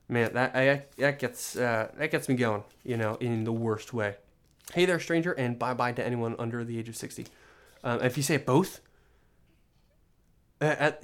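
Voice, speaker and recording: A young man hosting a solo podcast, rambling in an exasperated, joking rant with many restarts. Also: mid-range voice. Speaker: podcast host.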